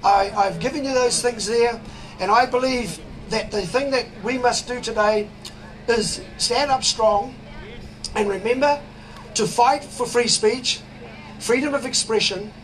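A man with a New Zealand accent giving a fiery, preachy speech at an outdoor protest, shouting slogans. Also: very high voice, unhurried. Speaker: rally speaker. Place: outdoors at a city demonstration. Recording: crowd and traffic noise outdoors.

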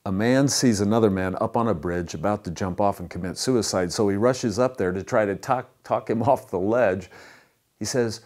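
A man's voice: lowish voice, moderate pace, darkish tone. A male pastor giving a conversational sermon that mixes in jokes.

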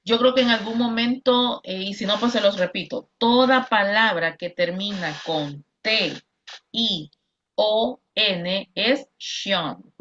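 Bright-voiced woman teacher, lo-fi call. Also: mid-range voice, a little hiss or hum. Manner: drills words slowly, switches between English and Spanish. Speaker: English teacher. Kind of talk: online class instruction. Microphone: video call. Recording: lo-fi video call audio.

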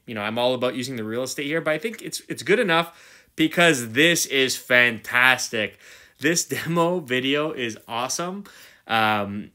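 A man's voice: mid-range voice, pushed and bright. A male host giving casual, enthusiastic commentary while reviewing. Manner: enthusiastic, chatty, reads text aloud.

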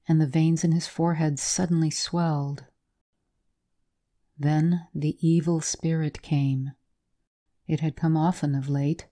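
A woman narrating a literary story in a measured audiobook reading. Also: deep voice, mellow.

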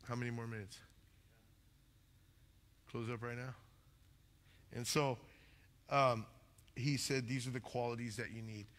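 A man preaching a sermon as pastor, talking loudly and passionately, acting out little stories as he goes. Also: mid-range voice, measured pace, long pauses, big-room sound. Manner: loud, passionate, animated storytelling. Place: church sanctuary.

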